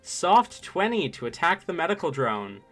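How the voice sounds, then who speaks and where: A man running a tabletop game as game master, narrating in an unhurried, meandering way. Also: on the high side, very animated, a bit bright.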